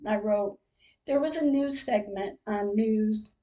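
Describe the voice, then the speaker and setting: An older woman hosting a podcast, reading out a personal diary-style account in a slow, measured way, with emotional moments. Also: medium pitch, mellow, poor audio. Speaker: podcast host.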